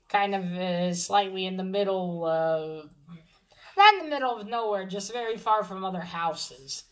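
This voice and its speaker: Woman, casual manga review, rambling, halting, lots of fillers, mid-pitched. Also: poor audio. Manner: rambling, hesitant with many fillers and restarts; gushing when pointing out cute art. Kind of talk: casual spoken book review.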